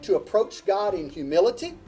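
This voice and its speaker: A man's voice: sits high, very animated, normal speed, dark tone, soft background music. A man preaching a sermon to a congregation, emphatic, repeating key phrases and asking the listeners questions. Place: church before a congregation.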